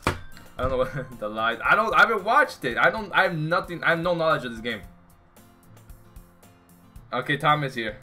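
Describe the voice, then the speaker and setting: A young man streaming a game grumbles, curses and rambles while chatting with his audience and friends in casual live commentary. His fairly high voice is sharp with lively intonation, at a moderate pace with long pauses, and soft music plays behind.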